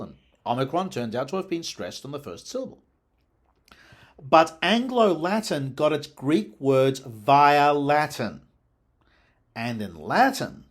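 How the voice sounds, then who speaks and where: A man giving an explanatory lecture on word pronunciation in a scholarly, animated way. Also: mid-range voice, breathy edge. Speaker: lecturer on language history.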